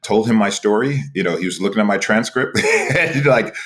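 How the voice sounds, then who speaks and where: This podcast guest, a New York executive director in his forties, talks a little fast in a lowish voice while narrating how his career unfolded. He's animated throughout, laughing a lot, restarting often, and repeatedly asking "right?" without expecting an answer.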